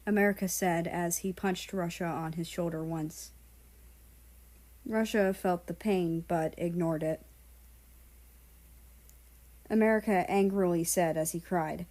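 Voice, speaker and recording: A woman narrates a story aloud in a calm, measured way. Her voice is low, dark and mellow, and she takes her time over every line. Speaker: fan fiction reader. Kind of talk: audiobook narration.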